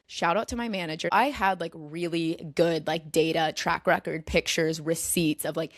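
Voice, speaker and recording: A young woman in her twenties tells a story on her solo podcast, her voice sitting a little low for a woman. She speaks in quick, chatty bursts full of fillers and dramatizes her own retelling. The recording is close and very dry, with no room sound. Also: fairly even intonation, no echo. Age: 20s. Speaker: podcast host.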